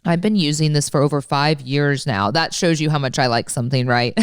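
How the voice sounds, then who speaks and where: Woman, podcast co-host, low pitch, dry close sound, candid and exasperated, casual chat. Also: a little fast, clean tone, no echo. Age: late 30s. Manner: candid, exasperated storytelling with frequent swearing.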